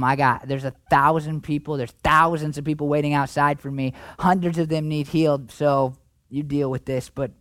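A man preaching a sermon as pastor, in a conversational way that swings between animated emphasis and hushed, tender passages. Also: medium pitch, no room sound.

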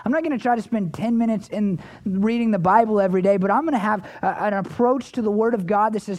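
A man preaching a sermon in an earnest, repetitive way, often restarting phrases and swinging his pitch up and down for emphasis. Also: brisk, darkish tone. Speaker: pastor.

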